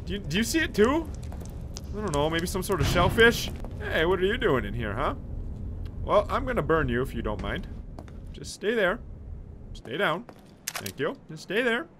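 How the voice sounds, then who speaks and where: Male let's player, high voice, very lively swings, game music behind; jumpy, jokey horror commentary. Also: normal speed, long pauses, noisy background. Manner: excitable, yelling at enemies, joking. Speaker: gamer playing a horror game. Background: game music and sound effects.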